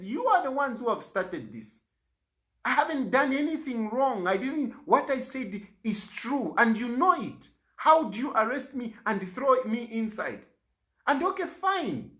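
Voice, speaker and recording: A politician with a Zambian accent makes an aggrieved, pleading public statement, repeating himself for emphasis. His voice is high and a bit bright.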